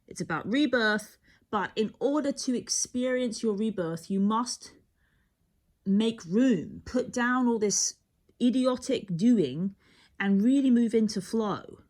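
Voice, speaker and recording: A woman's voice: a little high, animated, slow pace, a little mellow. A woman talks through a tarot reading with a voice that rises and falls a lot. She rambles and muses, restarts her sentences often, and sometimes sinks almost to a whisper. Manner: rambling, musing, self-interrupting. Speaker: tarot reader.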